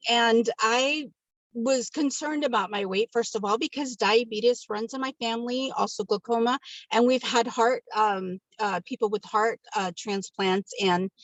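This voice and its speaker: A woman's voice: fairly high pitch, no room sound. A woman in her fifties from California sharing a personal testimonial on a video call, chatty and emotional with many ums. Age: 50s. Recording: dull video call audio.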